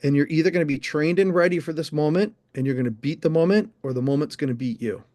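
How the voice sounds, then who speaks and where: A middle-aged man, a motivational speaker, telling an animated story on stage and speaking straight to a live audience. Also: on the high side, quick pace. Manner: animated, addresses the audience directly.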